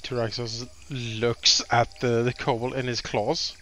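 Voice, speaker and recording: A man taking part in a tabletop game, describing what his dragon does. He speaks slowly and deliberately, with a bright, forward tone. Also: mid-range voice, little pitch movement, slight background noise. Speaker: player.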